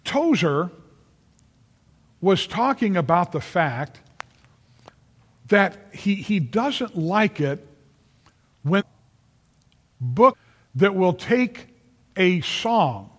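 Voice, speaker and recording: A man's voice: high voice, breathy edge. A man preaching a sermon, earnest and emphatic, repeating phrases for stress and calling on listeners by name. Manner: addresses listeners directly by name. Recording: long reverb of a large hall.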